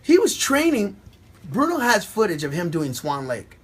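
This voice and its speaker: A middle-aged man, a dancer, telling stories casually in an animated, excited way and acting out other people's voices. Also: high-pitched, normal speed, slightly rough. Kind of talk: casual storytelling.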